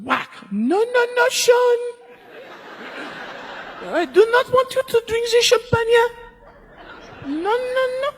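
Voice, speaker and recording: Guy doing a shrill little bossy wife, way up high, scolding. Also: big pitch swings, takes it slowly, long pauses, slight background noise, heavily acted.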